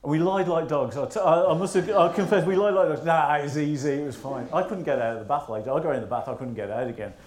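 Preacher guy telling a funny story on himself, kinda high voice, lots of church echo. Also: quick pace, few pauses, darkish tone. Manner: humorous, self-mocking storyteller. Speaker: minister. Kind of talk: storytelling sermon.

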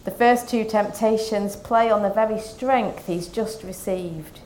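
A woman preaching a Lent sermon, reading scripture and reflecting in a calm, measured way. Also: medium pitch, slight background noise.

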